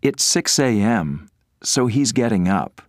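A man's voice: on the low side, very animated, slow, no room sound, clean studio sound. A man giving plain, careful answers in a grammar drill for an English course.

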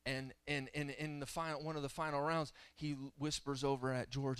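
A man's voice: medium pitch, little pitch movement, normal speed, a bit bright, clean tone, no room sound. A man in his thirties preaching a sermon in church, telling stories and building to fervent exhortation. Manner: storytelling, rising to fervent preaching. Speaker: guest preacher. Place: church sanctuary.

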